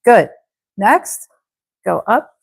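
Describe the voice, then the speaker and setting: A woman teaching an English class, saying short phrases slowly and clearly for learners to repeat. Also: medium pitch, very animated, rough recording. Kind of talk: live English class drills.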